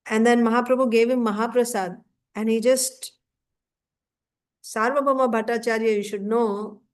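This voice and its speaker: A woman leads a scripture class, slipping easily into the voices of the people in her story. Her voice sits a little high, and she talks in a loose, chatty way with plenty of fillers. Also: normal speed. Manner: conversational retelling, many fillers, quotes figures in lively asides.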